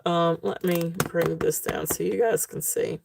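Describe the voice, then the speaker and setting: A woman hosting a live jewelry sale stream, talking casually with many fillers and a relaxed, tired manner. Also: on the low side, a little slow, gravelly, noisy background.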